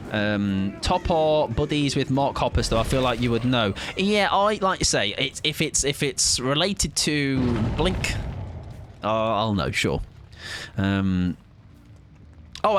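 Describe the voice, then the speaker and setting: A man's voice: mid-range voice, noisy background. A man chatting casually and joking through a gaming stream, swearing freely and mocking himself.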